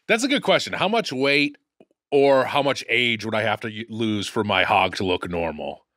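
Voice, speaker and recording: A man's voice: lowish voice, lively intonation, moderate pace, fairly bright tone, no echo, clean studio sound. A man co-hosting a comedy podcast, talking emphatically with lots of swearing and stumbling restarts. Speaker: podcast co-host. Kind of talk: casual comedic chat.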